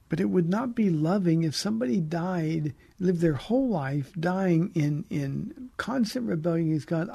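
A man's voice: fairly high pitch, vocal fry, mellow, breathy edge. A middle-aged man, a pastor, answering listener questions about the Bible on a radio program in an earnest, emphatic way, often restarting his sentences. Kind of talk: radio call-in Bible teaching.

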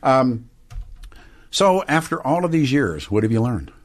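A man's voice: mid-range voice, sing-song, unhurried. A man hosting a radio talk show, chatting casually with callers and guests and laughing often.

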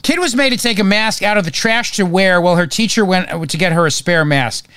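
A male talk host rambles through political commentary on very little sleep and jumps from one topic to the next. His voice sits a bit high for a man. The studio sound is dry and close, with no room echo. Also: fairly quick, a bit bright, clear, resonant tone. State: short on sleep.

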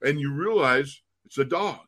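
A man's voice: a little high, normal speed. Older guy in his 60s on a podcast, tells stories big, laughs a lot, voice jumps all over. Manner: animated storyteller, laughs often, repeats words. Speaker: podcast co-host, former college football player. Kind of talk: casual storytelling chat.

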